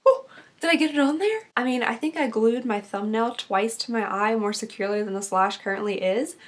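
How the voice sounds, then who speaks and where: A young woman chatting casually through a makeup tutorial, rambling and self-deprecating, her voice a little tired and croaky. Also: on the high side. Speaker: beauty vlogger.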